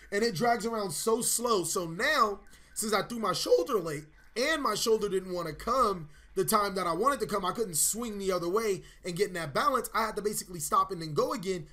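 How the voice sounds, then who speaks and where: A young man talks straight to his viewers, telling a story in a loose, animated way. His voice sits high and sounds bright. He swears freely and acts out his own reactions as he goes. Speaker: channel host. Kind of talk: casual storytelling vlog.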